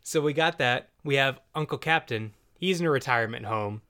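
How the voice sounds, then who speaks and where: A man's voice: medium pitch, brisk, bright, forceful tone. Joking male podcast host. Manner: joking, laughs often. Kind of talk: casual chat.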